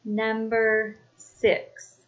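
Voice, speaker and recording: A woman teacher speaks very slowly and deliberately, calling out numbered items one at a time. Her voice sits a bit high. The recording is dull and lo-fi. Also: monotone. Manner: slow, deliberate, spells out each item. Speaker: sign language teacher. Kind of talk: slow classroom quiz dictation.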